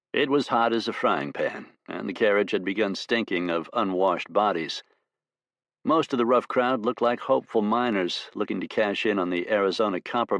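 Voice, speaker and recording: Low-voiced man narrating an audiobook. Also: dry recording.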